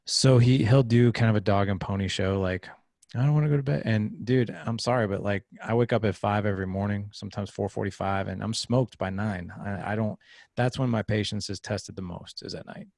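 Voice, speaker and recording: Gravelly-voiced man telling a story. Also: on the low side, moderate pace, no echo, studio quality. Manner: animated storyteller acting out quoted voices. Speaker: podcast guest. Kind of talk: casual interview storytelling.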